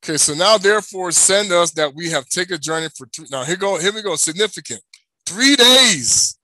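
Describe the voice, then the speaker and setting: Male preacher, emphatic, rhetorical questions, high voice, dry close sound. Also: expressive, a little fast, pushed and bright, no room sound. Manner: emphatic, asks rhetorical questions and answers them. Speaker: religious teacher. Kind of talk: preaching to an online audience.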